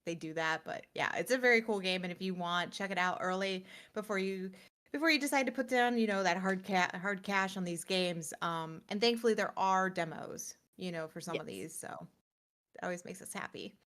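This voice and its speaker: A woman's voice: mid-range voice, fairly bright tone. Casual woman co-hosting a game stream. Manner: reads release blurbs, then chats with quick laughs. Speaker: co-host of a gaming news stream. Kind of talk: casual live-stream chat.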